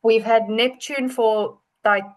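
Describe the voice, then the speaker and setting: A woman's voice: a little high, fairly even intonation, takes it slowly, rough recording. A woman astrologer talking through a moon forecast in a chatty, rambling way. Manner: chatty, rambling, warm storytelling. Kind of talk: casual forecast talk.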